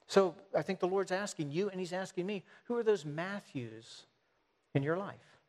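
A man's voice: sits high, a little mellow. A man preaching a sermon in an earnest way, stressing points by repeating them and sometimes restarting phrases. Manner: earnest, repetitive emphasis with halting restarts.

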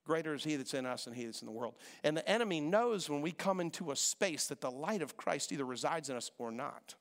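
A man preaching a sermon as pastor, animated and repetitive, acting out voices when he quotes people. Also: on the high side, a little fast. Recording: long hall reverb.

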